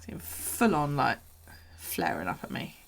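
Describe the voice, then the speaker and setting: A woman's voice: very deep voice, wildly swooping pitch, measured pace, creaky. A woman chatting casually on a home livestream. She swears freely and coos at her pets.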